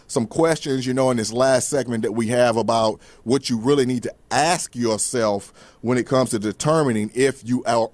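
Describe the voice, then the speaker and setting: A man's voice: mid-range voice, no room sound. A man hosting a faith-based motivational talk show, speaking casually with folksy asides and frequent restarts. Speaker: host.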